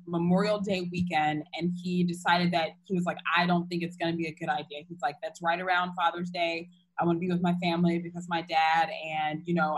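A woman's voice: on the low side, a bit bright, rough recording. A young woman candidly retelling a personal story in casual chat, full of fillers and restarts.

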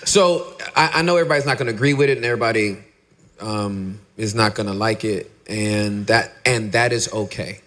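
A middle-aged man, a pastor and podcaster, talking candidly in an interview and acting out his stories with lively dialogue. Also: fairly quick. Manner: animated storyteller, acts out dialogue in a high voice.

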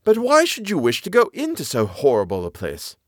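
A man voicing a curious, wary gentleman companion who asks plain questions. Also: a little high, huge pitch swings, brisk, no echo, studio quality, voice pushed up.

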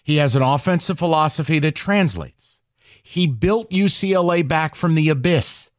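A male sports talk radio host defending his pick, sarcastic and combative. His voice sits a little high and leaps around in pitch. The studio sound is dry and close. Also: moderate pace, no echo. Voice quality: sarcastic, animated, argumentative.

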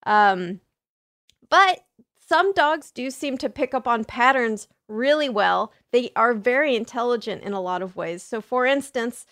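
A young woman with a slightly high voice, rambling through listener questions on her podcast. She talks casually, pokes fun at herself and fills gaps with ums and likes. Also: expressive, measured pace, a bit bright. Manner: chatty, self-deprecating, rambling with fillers. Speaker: podcast host.

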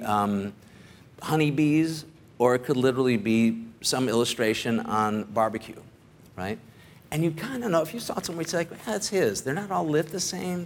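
A middle-aged man, a photographer, giving a casual talk to a studio audience in a rambling, conversational way, often checking in with "right?". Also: medium pitch.

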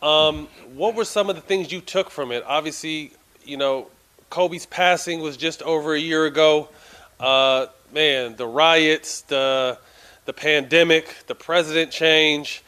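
Halting, higher-voiced podcast host. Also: male voice, sharp tone, smooth. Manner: halting, repeats words while asking questions. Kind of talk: casual interview.

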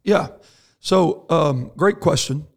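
A man's voice: fairly high pitch, slow pace, creaky. A man, a pastor co-hosting a Christian podcast, answering a listener's question thoughtfully and step by step. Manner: thoughtful, explains scripture step by step. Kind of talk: casual podcast chat.

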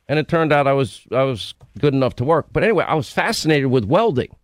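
A man's voice: medium pitch, lively intonation, quick pace, no room sound, clean studio sound. A middle-aged man hosting a radio talk show, telling stories casually and breaking in with questions. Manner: conversational storytelling, interrupting with questions.

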